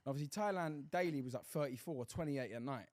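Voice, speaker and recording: Brisk and mid-range, this young man's voice comes through a dry, studio-quality recording. As a podcast co-host, he tells animated stories in a casual chat, heavy on slang and swearing.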